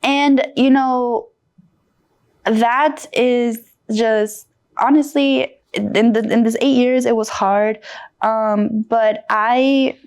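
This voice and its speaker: A woman's voice: on the high side, extremely slow, clear, resonant tone. Frank young woman telling her story. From North Carolina. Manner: frank, animated storytelling with many fillers. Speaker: guest. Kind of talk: candid personal interview.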